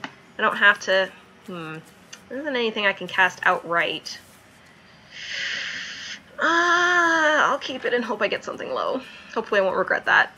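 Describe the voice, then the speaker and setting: A young adult woman chatting casually and thinking out loud as she plays a card game. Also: mid-range voice, very animated, moderate pace, long pauses, slight background noise, rough recording. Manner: chatty, thinks aloud while playing. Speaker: streamer. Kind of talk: casual gameplay commentary.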